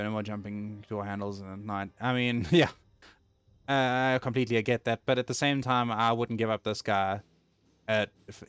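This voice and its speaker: A man's voice: fairly low pitch, a bit bright, smooth. A young man chatting casually while playing a game, rambling and easily distracted, self-deprecating. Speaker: gaming streamer.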